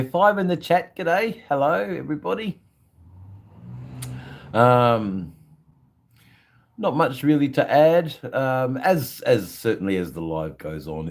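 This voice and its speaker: A man's voice: lowish voice, a little mellow. An Australian man hosting a casual livestream from his shed, rambling and greeting viewers in the chat one by one. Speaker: livestream host.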